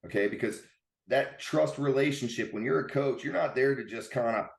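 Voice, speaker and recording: A man's voice: medium pitch, moderate pace, creaky. A man hosting a golf podcast, talking casually and emphatically, often tagging his points with "man" and "right.". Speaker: podcast host. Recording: roomy echo.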